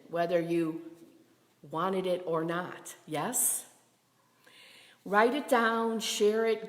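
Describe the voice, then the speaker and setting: Soft-spoken woman minister in an echoey hall. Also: fairly low pitch. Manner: gentle, meditative, with soft whispered phrases. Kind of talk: livestreamed sermon. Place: synagogue sanctuary. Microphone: camera from a distance.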